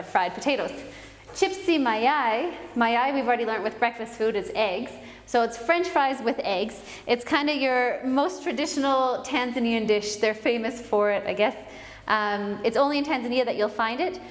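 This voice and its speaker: A woman giving a casual language lesson, explaining in a relaxed way and repeating words slowly. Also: on the high side. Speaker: language teacher. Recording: echoey roomy sound with long reverb.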